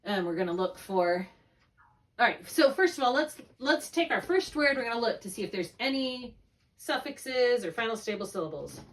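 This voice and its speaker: A woman's voice: on the high side, expressive, moderate pace, recorded from a distance. A woman tutoring one student in spelling, patiently thinking aloud through each step. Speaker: reading tutor.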